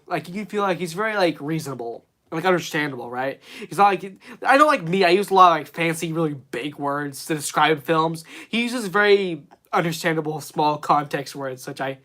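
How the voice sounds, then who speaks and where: A man's voice: fairly high pitch, fairly bright tone. A man hosting a casual live stream about movies, rambling with many fillers and reading chat questions aloud. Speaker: streamer host.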